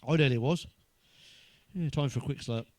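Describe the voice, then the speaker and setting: An English man doing a stand-up routine of crude, blunt one-liners, full of swearing, who pitches up when he quotes other people. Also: moderate pace, a little mellow, no room sound. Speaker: stand-up comedian.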